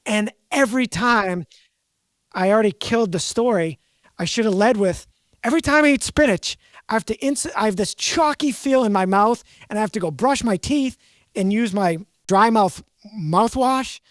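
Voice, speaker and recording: A woman's voice: mid-range voice, normal speed, dry recording, studio quality. A woman with a Boston accent chatting casually, a rambling storyteller who loves puns. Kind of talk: casual chat.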